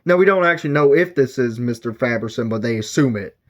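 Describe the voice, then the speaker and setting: A man talks through a book review in a loose, rambling way. He fills gaps with fillers and keeps correcting himself mid-sentence, at an ordinary mid pitch. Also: animated, quick pace, few pauses.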